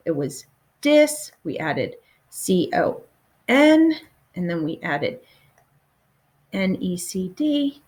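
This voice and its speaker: A woman teacher leading a recorded phonics lesson for children, patient and encouraging, pausing for answers. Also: medium pitch.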